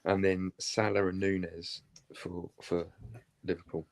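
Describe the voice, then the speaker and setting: A man on a football chat panel, jokey and hesitant, thinking his predictions through out loud. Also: deep voice, level tone, unhurried, vocal fry. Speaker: regular panelist.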